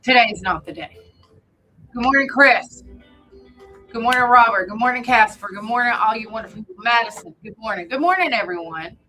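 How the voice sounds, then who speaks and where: A woman's voice: on the high side, animated, a little fast, sharp tone, faint music behind, low-quality recording. A woman hosting a casual morning radio show, chatty and rambling as she greets listeners by name. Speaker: radio host. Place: radio studio.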